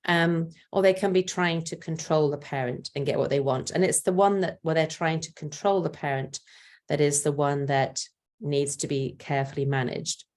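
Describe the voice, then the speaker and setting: An older woman giving a talk on parenting, explaining gently and patiently and acting out short examples of what to say to a child. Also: sits low, fairly even intonation, normal speed. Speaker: parenting speaker.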